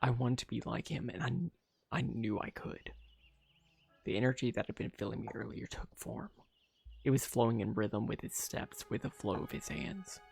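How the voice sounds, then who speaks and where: Creaky man reading a game aloud. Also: medium pitch, a little mellow, a little hiss or hum. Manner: narrates steadily, breaks off with quick asides. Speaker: streamer. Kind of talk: reading a visual novel aloud with commentary.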